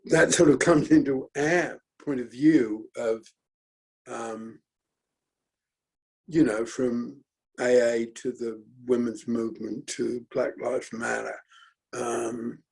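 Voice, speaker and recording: Gravelly husky middle-aged guy talking slow, lots of ums and restarts, thinking out loud. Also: mid-range voice, steady tone, poor audio. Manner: slow and halting, many fillers and restarts. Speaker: forum host and speaker. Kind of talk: reflective talk, thinking aloud.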